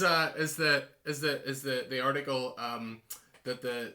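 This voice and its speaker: A chatty man hosts a relaxed conversation, reading out a joke article with plenty of laughter and false starts. His voice is bright and forceful, recorded close on a desk microphone. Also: medium pitch, takes it slowly. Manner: chatty, laughing, many restarts. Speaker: podcast host. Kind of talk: casual chat, reading a comic article aloud.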